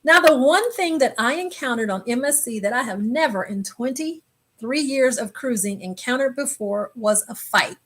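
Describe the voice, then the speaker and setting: A woman's voice: a little high, moderate pace, slight background noise. A woman hosting a travel live stream, telling a story casually and animatedly, acting out what people said. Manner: animated, exclaims and acts out quotes. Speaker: travel channel host.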